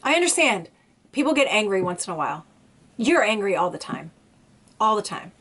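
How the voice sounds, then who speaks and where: A woman's voice: mid-range voice, very animated, moderate pace, fairly bright tone, slight background noise. A woman vlogger ranting in an indignant, emphatic way, repeating phrases for emphasis as she speaks to her viewers. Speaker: YouTube vlogger. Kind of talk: ranting commentary vlog.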